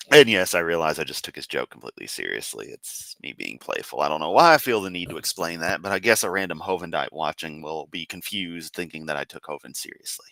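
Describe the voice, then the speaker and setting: A man's voice: sits low, lively intonation, a little fast, bright, forceful tone, dry recording. A man streaming casual commentary, sarcastic and teasing, often breaking into laughter. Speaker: streamer reacting to a video.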